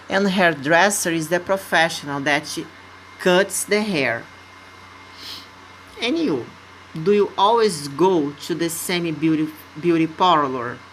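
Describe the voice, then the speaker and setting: Brazilian lady teaching english, low voice, really slow and careful, faint hiss behind. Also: poor audio. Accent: Brazilian Portuguese. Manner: slow, deliberate dictation of words and example sentences. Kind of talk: recorded English lesson.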